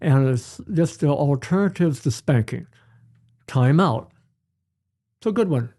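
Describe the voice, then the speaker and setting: Older male pediatrician guest; relaxed, drawn-out delivery, mellow voice, acts out examples. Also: on the high side. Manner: unhurried, storytelling, acts out examples. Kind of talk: advice-giving interview chat.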